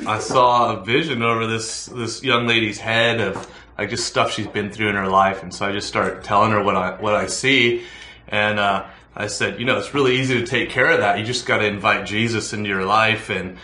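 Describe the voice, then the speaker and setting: Low, bright-voiced man in an echoey room. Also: steady tone, normal speed, a little hiss or hum. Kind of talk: casual storytelling.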